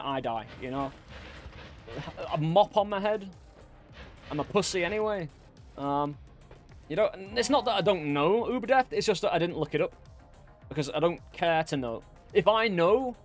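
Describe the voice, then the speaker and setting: A young English man rambling and joking at himself while chatting through a game stream. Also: on the high side. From England. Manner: rambling, self-deprecating, jokey. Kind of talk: casual gameplay chat.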